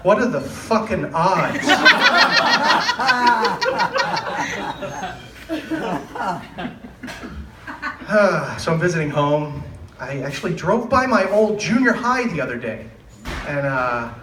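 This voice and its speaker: A man doing a stand-up comedy set in a club, sarcastic and animated, laughing and swearing as he talks. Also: sits high, drawn-out words, long pauses. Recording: roomy club sound from a distant mic, with noise.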